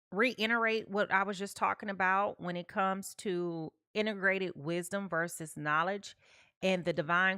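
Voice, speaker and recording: Woman, tarot reader, chatty, keeps asking "okay?", medium pitch, dry close sound. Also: pushed and bright, dry recording. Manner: chatty, repeats "okay?" often, talks to chat. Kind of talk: live tarot reading.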